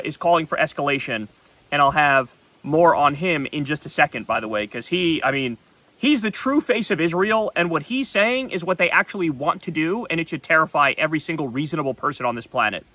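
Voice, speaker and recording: A male political host delivers solo commentary in a blunt, heated manner with frequent profanity. His voice sits a little high and sounds bright and sharp. The recording is dry and close, with no room echo. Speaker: political talk show host.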